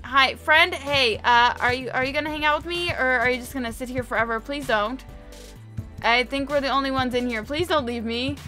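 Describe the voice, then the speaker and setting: A woman giving casual gameplay commentary, chatty and excitable, quick to gasp and exclaim. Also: sits high. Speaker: gamer, video host.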